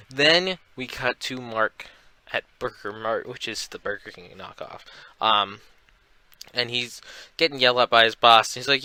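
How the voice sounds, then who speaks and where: A young man chats his way through a comic book recap, leaning on fillers as he rambles from scene to scene. His voice is smooth and clean, with a sharp, forceful brightness. The sound is dry and close, with no room echo. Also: mid-range voice, moderate pace. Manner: rambling, filler-heavy retelling.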